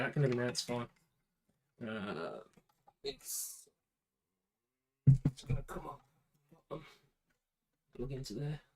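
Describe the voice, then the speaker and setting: A man's voice: mid-range voice, poor audio. A man with a British accent chatting casually to himself and the camera while building a computer, with muttered asides. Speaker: PC builder vlogger.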